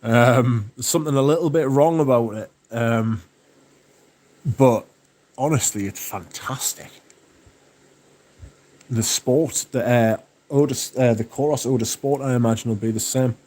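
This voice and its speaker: A man hosting a livestream, chatting casually and reading out viewer comments, relaxed and enthusiastic with plenty of swearing. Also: medium pitch, unhurried, pauses often. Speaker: livestream host.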